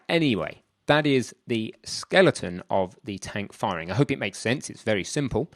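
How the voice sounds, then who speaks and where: Male tutorial instructor, low-pitched, dry close sound, chatty and thinking aloud at the keyboard. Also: no echo. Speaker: programming instructor. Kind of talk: screen-recorded coding tutorial.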